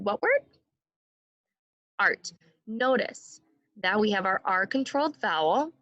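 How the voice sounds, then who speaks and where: A woman teaching a second grade phonics lesson, sounding out words slowly and clearly and having the class repeat after her. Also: mid-range voice, a bit bright, no room sound, muffled recording.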